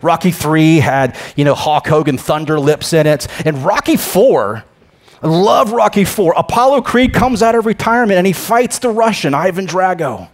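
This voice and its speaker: A male pastor delivers a sermon in a slightly high voice. He swings between ringing, emphatic declarations and hushed, low-pitched asides, often doubling a word as he starts a phrase. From United States. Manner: repeats words when starting a phrase.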